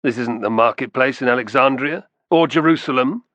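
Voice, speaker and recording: A man's voice: fairly low pitch, fast, fairly bright tone, no echo, highs cut off, natural voice. A man voicing a harsh, suspicious estate overseer who sneers at strangers. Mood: sneering.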